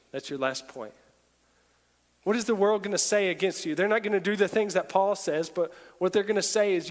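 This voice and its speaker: A man preaching a sermon in an earnest, emphatic voice. His pitch sits high for a man. The sound rings with a long hall reverb. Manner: earnest, rising to forceful emphasis.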